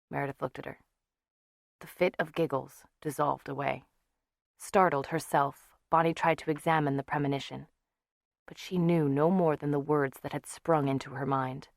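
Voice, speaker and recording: A woman's voice: deep voice, fairly even intonation, normal speed, vocal fry, no echo, studio quality. A woman narrating a novel as an audiobook, dramatic in delivery. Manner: dramatic, shifts voice for each character. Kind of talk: scripted narration.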